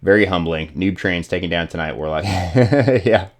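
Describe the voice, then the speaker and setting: A man's voice: low voice, steady tone, normal speed. A man hosting a casual gaming live stream, joking and rambling with lots of fillers.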